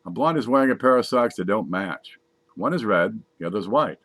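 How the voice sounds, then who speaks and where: A man's voice: lowish voice, lively intonation, a little fast, a bit bright, no echo. Man reading dumb jokes, chuckling. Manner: reads jokes aloud, laughs at his own punchlines, wry asides. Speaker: comedy joke reader. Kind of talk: casual joke reading.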